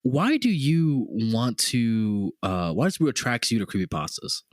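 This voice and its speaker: A man hosting a comedy podcast, animated and teasing, swearing often in casual chat. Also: medium pitch, measured pace, dry recording, studio quality. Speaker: podcast host.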